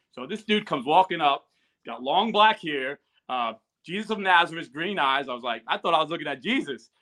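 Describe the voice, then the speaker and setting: A man's voice: medium pitch, animated, moderate pace, bright, forceful tone. A man tells stories in a casual interview and acts out the quoted dialogue. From New Jersey. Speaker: guest, YouTuber. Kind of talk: casual storytelling.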